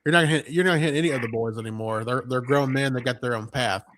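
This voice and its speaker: A man's voice: medium pitch, fast talker, fairly bright tone. A man co-hosting a movie review chat, retelling scenes at length with lots of fillers and quoted lines. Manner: rambling recap full of fillers and quoted lines. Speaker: podcast co-host reviewing a film. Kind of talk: casual chat.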